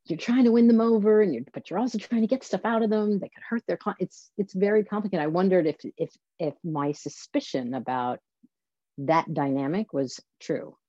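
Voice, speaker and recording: Warm-toned woman asking probing questions. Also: fairly low pitch, fairly quick, dry recording, muffled recording. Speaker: podcast host, interviewer. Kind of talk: conversational interview.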